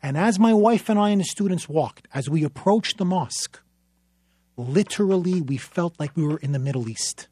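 A man's voice: high voice, slightly rough, no echo, clean studio sound. A man, a newspaper columnist, telling a story in an impassioned public speech, emphatic and dramatic. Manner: emphatic, dramatic, building to forceful peaks.

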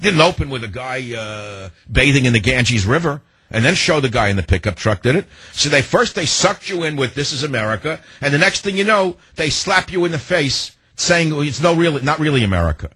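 A man's voice: mid-range voice, animated, moderate pace, sharp tone, husky, dry recording. A man hosting a talk radio show, delivering a combative monologue full of rhetorical questions into a studio microphone.

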